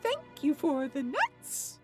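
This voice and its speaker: Video game role: a sweet, gushing pet lover, higher voice with a lively lilt. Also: female voice, takes it slowly, music in the background, heavily acted. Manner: gushing, sweet and sing-song. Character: doting middle-aged woman fussing over pet cats and squirrels.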